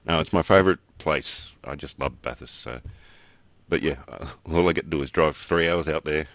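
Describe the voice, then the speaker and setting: A man's voice: extremely low pitch, normal speed, fairly bright tone, dry recording. An Australian man chatting casually as a podcast co-host, rambling through stories and chuckling between them. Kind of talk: casual chat.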